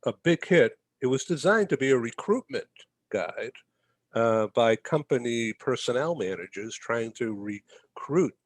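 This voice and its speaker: A man from the Boston area tells a long, meandering story as an interview guest. He checks in with the listener by tagging his lines with "okay?". His voice is mid-pitched and sounds close and dry, with no room echo. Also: lively intonation, a little slow. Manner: rambling, tags lines with "okay?". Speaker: guest, magazine publisher. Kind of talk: casual storytelling.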